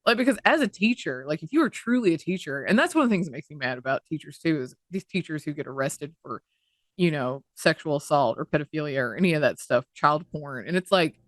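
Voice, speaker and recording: A woman's voice: low-pitched, animated, quick pace, no echo, clean studio sound. A woman co-hosting a podcast in casual chat, talking indignantly at length and swearing freely. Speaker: podcast co-host.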